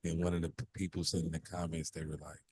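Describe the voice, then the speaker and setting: A man's voice: extremely low pitch, little pitch movement, fast talker, warm tone, a little hiss or hum. A man co-hosting a call-in radio show, telling stories in a casual way. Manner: casual, storytelling, laughs. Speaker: radio co-host.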